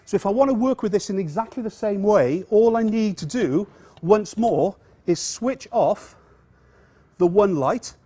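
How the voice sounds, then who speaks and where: A man's voice: sits high, animated, a little slow, slightly rough. Englishman directing a photo shoot. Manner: directing a model with warm encouragement. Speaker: photography instructor. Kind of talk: hands-on demonstration. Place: outdoors at a seafront location.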